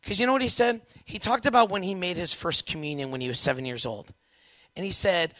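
A man giving a lively testimony talk to young Catholics, acting out quoted dialogue with big swings in pitch and volume. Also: brisk, dry recording. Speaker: Catholic speaker addressing young people.

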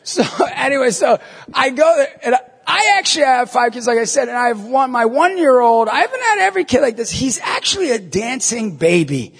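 High, gravelly man in a reverberant hall. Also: a little fast. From New York State. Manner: animated, jokey, acts out voices and quotes. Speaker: Catholic lay minister. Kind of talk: humorous talk to a live audience.

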